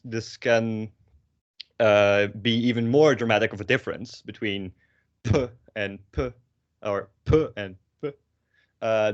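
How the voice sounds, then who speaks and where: A man's voice: on the low side, no room sound, lo-fi sound. A young man with a Dutch accent, teaching a language lesson in a rambling way with many fillers and self-corrections. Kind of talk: online lesson. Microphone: own microphone with a pop filter.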